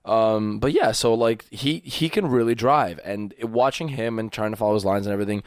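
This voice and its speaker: A man's voice: on the low side, fairly quick, dry recording, clean studio sound. A man co-hosting a casual podcast, talking emphatically with frequent restarts. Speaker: podcast co-host. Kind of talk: casual chat. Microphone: studio mic.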